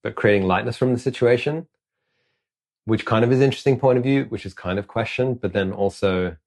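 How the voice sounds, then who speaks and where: A man's voice: mid-range voice, brisk, a little mellow. A man co-hosting a podcast who talks in a loose, frank way with casual swearing. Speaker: podcast co-host. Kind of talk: casual conversation.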